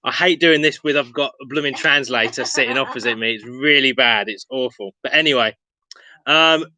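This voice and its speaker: A man's voice: medium pitch, moderate pace, sharp tone, low-quality recording. A man hosting an online pub quiz, reading questions and answers with chatty, self-mocking asides. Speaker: quiz host.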